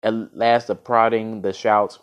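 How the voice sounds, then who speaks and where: Man, low voice, storyteller reading a fable aloud, occasional slips and restarts. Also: little pitch movement, a little slow, clear, resonant tone, muffled recording. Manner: unscripted-sounding reading with frequent restarts and fillers. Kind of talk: reading a folk tale aloud.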